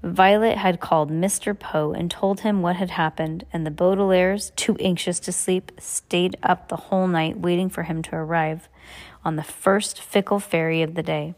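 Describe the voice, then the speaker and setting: A woman's voice: lowish voice, steady tone, normal speed, a little mellow. A woman reading a novel aloud, often stumbling and restarting her sentences. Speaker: reader.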